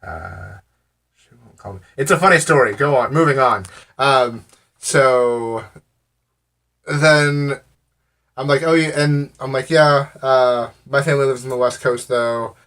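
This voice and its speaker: A man's voice: medium pitch, a little slow, long pauses, a bit bright. An American man rambling through a casual story to camera, with a wry, amused manner. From United States. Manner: rambling, full of "I'm like" and fillers.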